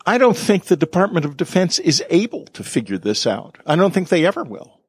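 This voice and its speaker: A man's voice: high voice, big pitch swings, a little fast, breathy edge. A man hosting a casual conversation, speaking earnestly. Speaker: host.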